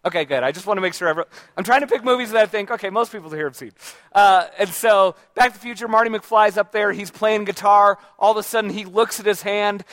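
Man in his own voice, high-pitched, dry close sound, loose conversational lecturer who quizzes the room. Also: fast, fairly bright tone, dry recording. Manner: conversational, with frequent fillers and restarts; checks in with the audience by asking questions. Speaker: speaker giving a talk to an audience. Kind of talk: informal lecture. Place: room with a live audience.

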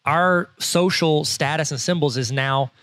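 Excitable man, breathless podcast chatter. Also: fairly high pitch, dry recording. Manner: excitable, fast and joking. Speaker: podcast co-host. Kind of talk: casual chat.

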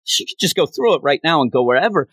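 A man with a fairly high voice talks in a casual comic book review chat, his pitch swinging widely as he lays on the sarcasm. He is recorded dry and close, with no room sound. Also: quick pace, husky, no echo. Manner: animated and sarcastic, slips into mocking voices.

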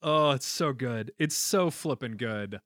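A man co-hosting a podcast, recapping a show in casual chat, giggly and animated. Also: mid-range voice, unhurried, no room sound, studio quality. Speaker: podcast co-host.

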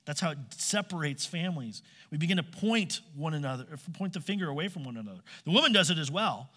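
A man's voice: on the high side, animated, fast, pushed and bright. A man preaching a sermon, asking his listeners direct questions and acting out quoted voices. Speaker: pastor. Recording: long hall reverb.

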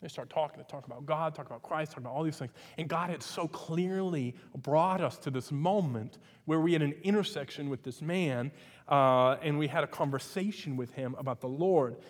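Male pastor, sermon, storytelling, emphatic, slightly high voice, long hall reverb. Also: moderate pace. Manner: conversational storytelling, rising to loud emphatic preaching.

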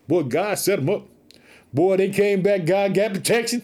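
A man's voice: high-pitched, lively intonation, normal speed, a little mellow. A man preaching on his podcast, fired up and calling out hallelujah between Bible readings. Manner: fired-up, exclaims hallelujah often.

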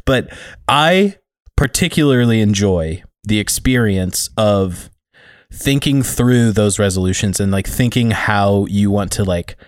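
A man's voice: lowish voice, animated, a little slow, dry recording, clean studio sound. A man from Montana co-hosting a casual podcast chat, laid-back and chuckling as he talks through his topic. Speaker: podcast co-host. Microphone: remote call mic.

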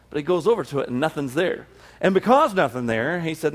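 A middle-aged man preaches a sermon, reading scripture and then retelling it with animated storytelling. His voice sits a little high for a man. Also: quick pace. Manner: animated storytelling, acts out the disciples in a high excited voice. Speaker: pastor.

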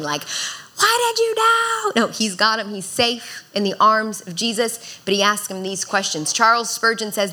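A woman's voice: fairly high pitch, sharp tone. A woman in her thirties preaching a sermon, earnest and exhorting, building to fervent calls to the congregation. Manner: earnest, exhorting, rises in intensity.

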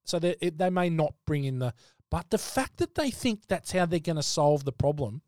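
A man co-hosting a podcast, opinionated and halting as he talks. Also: fairly high pitch, animated, a little mellow, dry recording, studio quality. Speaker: podcast co-host and youth rugby coach. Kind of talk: casual chat.

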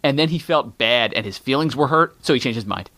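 A man co-hosting a comedy podcast, talking in an animated, exasperated way and swearing freely. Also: medium pitch, brisk, no room sound. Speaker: podcast co-host.

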